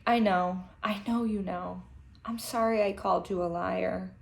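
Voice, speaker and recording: A woman voicing a gentle, anxious young boy who speaks in a small, pleading way. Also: medium pitch, steady tone, a little slow, creaky. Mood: soft pleading.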